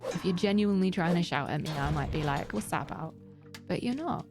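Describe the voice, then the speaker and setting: A woman with a lowish, animated voice talks fast over background music. She's live streaming a game, chatting casually and speaking straight to her viewers.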